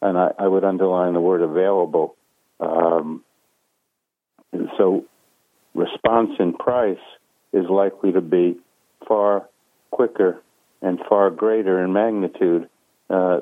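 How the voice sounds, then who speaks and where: A man with a very low voice speaks as a guest analyst over a tinny phone line. He talks in a measured way, stopping often on fillers and restarts. The sound is dry and close, with no room around it. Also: fairly even intonation, no room sound. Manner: measured, hesitant with many fillers. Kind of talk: phone interview.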